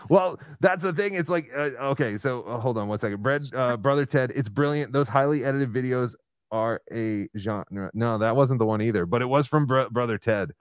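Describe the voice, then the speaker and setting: A man hosting a live podcast in a casual chat, halting and full of fillers. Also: medium pitch, clear, resonant tone, dry recording, studio quality. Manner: halting, lots of fillers, self-deprecating. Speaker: podcast host.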